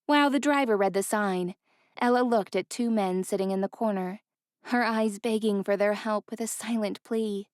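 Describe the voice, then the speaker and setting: A woman narrating a fantasy romance audiobook in an even, clear storytelling voice. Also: medium pitch, moderate pace, no echo, clean studio sound. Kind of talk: scripted narration.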